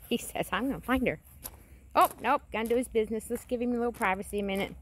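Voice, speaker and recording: A woman's voice: fairly high pitch, fast talker, slight background noise. A woman filming her farm outdoors, talking casually and calling to a puppy in a coaxing sing-song voice. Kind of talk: casual vlog narration.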